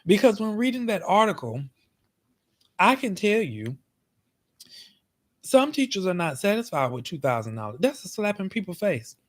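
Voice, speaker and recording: A man hosts his own show with a sassy, animated storytelling style. His pitch rises and falls widely as he talks straight to his listeners. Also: moderate pace, pauses often. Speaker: show host. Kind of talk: comic storytelling monologue.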